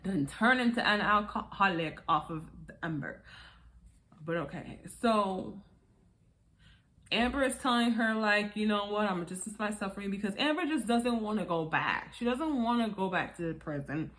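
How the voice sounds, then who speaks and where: A woman's voice: medium pitch, measured pace. A woman casually reviewing a reality TV episode, acting out the cast's lines and laughing along. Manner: animated, acts out quotes with laughs. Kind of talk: casual recap commentary.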